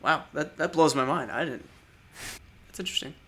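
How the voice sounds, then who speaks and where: A man's voice: on the high side, brisk, a bit bright. A man co-hosting a podcast, chatting casually about movies, rambling, trailing off and laughing often. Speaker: podcast co-host.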